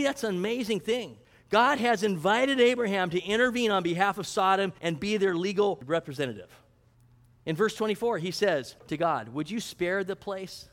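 A man's voice: sits high, big-room sound. A man preaching a sermon to a congregation, teaching from the text and asking them questions. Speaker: pastor.

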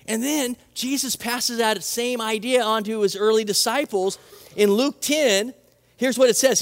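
A man preaching a sermon as pastor, earnest and conversational, repeating key words for emphasis. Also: sits high.

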